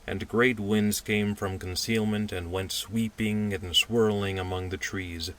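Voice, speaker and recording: A man with a low voice reads a classic story aloud. His pace is measured, and his delivery is expressive without being theatrical. He sounds like a plain audiobook narrator. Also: far from the mic, slight background noise. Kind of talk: scripted narration.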